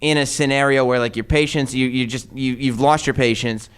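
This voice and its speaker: Male radio host, mid-pitched, dry teasing questions, casual chat. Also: fairly even intonation, a little fast, clean tone. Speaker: radio talk show host. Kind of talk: casual talk show chat.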